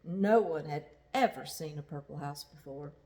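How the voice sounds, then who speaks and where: A woman reading a children's picture book aloud, slowly and expressively, with sound effects. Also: low-pitched, warm tone. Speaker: storyteller.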